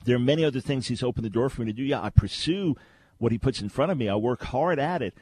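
A man's voice: medium pitch, fast talker, a little mellow, breathy edge, no room sound. A man hosting a Christian call-in radio show, teaching in an earnest, conversational way with frequent restarts. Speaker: radio talk show host. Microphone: studio microphone.

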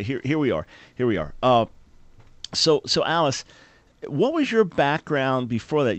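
An older male radio host with an animated, emphatic delivery. He repeats words as he gets going and pushes warmly into each appeal. His voice is recorded close and dry, as in a studio. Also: medium pitch, dry recording. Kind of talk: radio talk show with fundraising appeal.

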